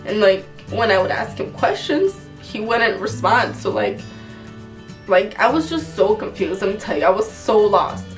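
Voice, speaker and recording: A woman's voice: mid-range voice, big pitch swings, moderate pace, far from the mic, soft background music. Young woman telling a personal story. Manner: casual, filler-heavy, frank with swearing. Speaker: vlogger.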